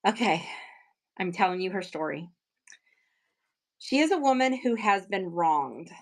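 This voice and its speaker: Woman host, mid pitch, casual live-stream seller, excitable and chatty with lots of ums. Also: a little slow. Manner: chatty, excitable, many fillers.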